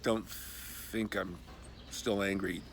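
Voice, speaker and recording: A man delivering an angry, profane personal rant, swinging from loud exasperated outbursts to low mutters. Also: fairly even intonation, slow pace, creaky, a little hiss or hum. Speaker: video message maker.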